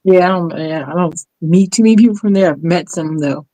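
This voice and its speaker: A woman's voice: lowish voice, fairly quick, mellow, dry recording. Matter-of-fact woman, dry sound. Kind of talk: casual chat.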